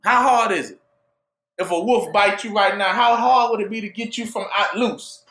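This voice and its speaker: A man preaching a call-and-response sermon, asking "what?" for the listeners to fill in and rising to shouts at his peaks. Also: high-pitched, normal speed, reverberant. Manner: asks "what?" for the audience to fill in.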